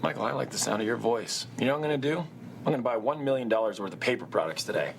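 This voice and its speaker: An actor playing a gruff, demanding old male client who is hard of hearing, in a sitcom. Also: mid-range voice, animated, fast talker. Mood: irate. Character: cranky old rich male paper client. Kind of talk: sitcom acting. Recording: TV clip with background noise.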